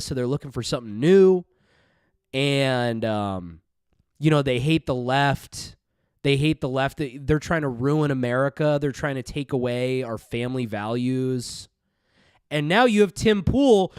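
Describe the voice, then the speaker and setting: A man's voice: a little high, clean tone, dry recording, studio quality. A man giving casual, profane and sarcastic commentary over a clip he is playing. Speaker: commentary streamer.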